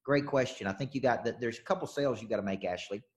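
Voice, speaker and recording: A man's voice: medium pitch, quick pace, a little mellow. A man coaching on sales during a live webinar, talking emphatically and repeating his points as he answers questions.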